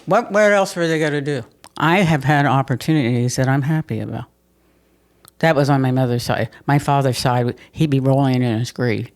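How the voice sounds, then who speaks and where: Older woman telling stories. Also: very deep voice. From Pennsylvania. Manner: lively, laughs often, repeats words as she restarts. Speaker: mayor telling her life story. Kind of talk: conversational storytelling interview.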